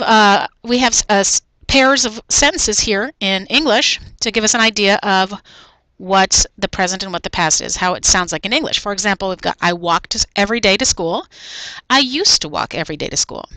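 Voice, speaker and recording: Bright-voiced woman teaching a lesson. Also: medium pitch, no room sound, low-quality recording. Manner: explains slowly and repeats each point in Spanish then English. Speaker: Spanish teacher. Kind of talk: recorded video lesson.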